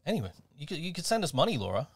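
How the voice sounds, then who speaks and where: A man's voice: a little high, big pitch swings, rapid-fire, breathy edge. A man co-hosting a casual podcast, laughing often and swearing casually. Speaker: podcast co-host. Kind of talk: casual chat.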